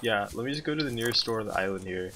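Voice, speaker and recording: Sarcastic streamer, low voice. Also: male voice, lively intonation, very fast, noisy background. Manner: sarcastic, chatty, talks to chat. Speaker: game streamer. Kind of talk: casual gameplay commentary.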